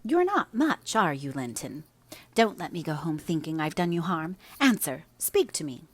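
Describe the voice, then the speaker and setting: Woman reading spirited teen girl, impetuous, earnest, high and lively, audiobook. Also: normal speed. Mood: remorseful. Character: impulsive spirited teenage girl.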